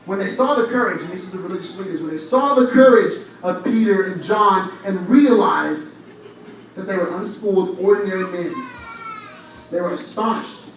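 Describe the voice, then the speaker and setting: A young man preaching a lively sermon, telling stories with humor and rising to shouts at times. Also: sits high, normal speed. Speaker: church speaker. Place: large church hall. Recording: echoey hall, from far off, faint noise.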